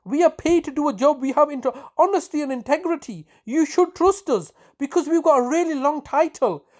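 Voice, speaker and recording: A man's voice: extremely high pitch, expressive, fairly quick, darkish tone, voice pushed up. A British man putting on a mocking, sing-song voice of smug self-righteous officials. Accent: British English.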